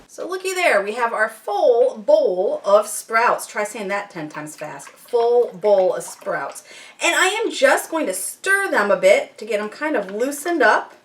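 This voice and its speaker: Upbeat, chatty woman with a higher voice doing a kitchen how-to, a little off-mic. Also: far from the mic. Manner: chatty, upbeat, self-deprecating asides. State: slightly out of breath at times. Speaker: homesteading channel host. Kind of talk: casual how-to demonstration. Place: home kitchen.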